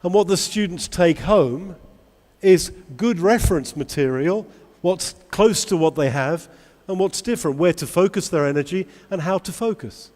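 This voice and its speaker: A man giving a lively conference talk to English teachers, asking the audience many questions. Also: high voice, moderate pace. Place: large convention hall. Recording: long hall reverb.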